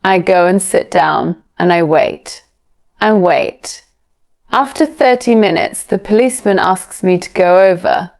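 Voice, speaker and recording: A woman's voice: fairly low pitch, measured pace, vocal fry, darkish tone. A woman narrating a graded storybook for English learners in a careful, evenly paced reading.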